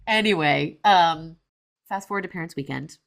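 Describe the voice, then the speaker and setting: A woman in her forties hosting a podcast, telling a story in a chatty, animated way with lots of fillers and quoted asides. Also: sits low, moderate pace, creaky. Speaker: podcast host. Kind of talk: casual storytelling monologue.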